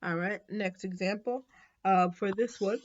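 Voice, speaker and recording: A woman teaching a math lesson in a casual, relaxed way, thinking aloud and correcting herself as she works through problems. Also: medium pitch, unhurried, muffled recording.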